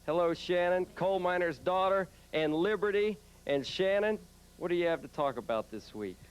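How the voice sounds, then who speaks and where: A man's voice: high voice, moderate pace, smooth, poor audio. A man hosting a televised wrestling interview segment, polite and formal, a little flustered by interruptions. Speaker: wrestling show host and interviewer.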